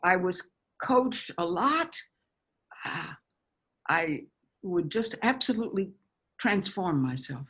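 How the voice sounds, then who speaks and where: A woman in her nineties, an actress reminiscing in a chatty, halting way over a video call. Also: on the low side, sing-song, a bit bright, slightly rough. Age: 90s. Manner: chatty, halting with restarts and laughter. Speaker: actress guest. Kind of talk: casual interview reminiscing.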